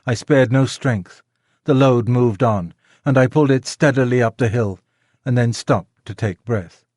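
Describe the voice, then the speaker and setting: A man narrating a classic children's novel in a measured, gentle storytelling manner. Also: medium pitch, no echo, studio quality. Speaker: audiobook narrator. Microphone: close studio mic, dry.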